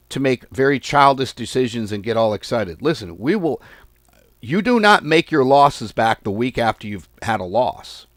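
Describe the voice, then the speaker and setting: A male trading host speaks in casual, blunt commentary, exasperated with his audience and not shy about swearing. His delivery is animated, with pitch swinging widely from line to line. The sound is close and dry, with no room around it. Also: no room sound. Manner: lively, swings pitch and volume. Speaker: forex trading channel host. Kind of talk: casual market commentary to viewers.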